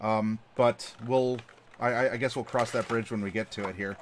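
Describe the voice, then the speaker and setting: A man's voice: fairly low pitch, steady tone, normal speed, crowd noise. A man hosting a casual live-stream chat, talkative and laughing often, with plenty of fillers. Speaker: channel host.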